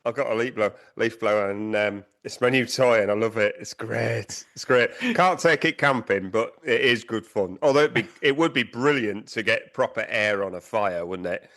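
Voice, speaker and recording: A man's voice: on the low side, a little fast, few pauses, fairly bright tone. A man co-hosting a casual podcast, chatty and laughing often. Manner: chatty, laughs often, talks while eating. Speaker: podcast co-host. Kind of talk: casual chat.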